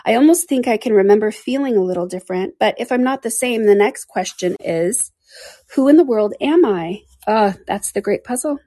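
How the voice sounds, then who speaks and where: A woman's voice: mid-range voice, expressive, moderate pace, mellow, no room sound, studio quality, lightly acted. A woman voicing Alice, a curious and flustered little girl who chatters to herself in a storybook reading.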